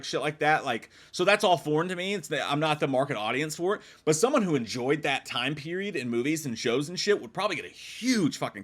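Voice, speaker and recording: Animated, swearing guy reviewing movies. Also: a little high. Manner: profane, rambling, animated. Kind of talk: casual spoiler review chat.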